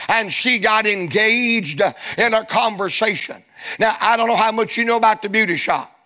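High, bright-voiced folksy preacher man. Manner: folksy, humorous, building to shouted exhortation. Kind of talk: storytelling sermon. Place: church sanctuary before a congregation.

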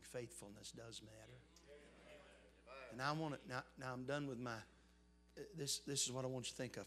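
A man, preaching a sermon and swinging between fervent, raised passages and hushed, earnest ones. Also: mid-range voice, slight background noise.

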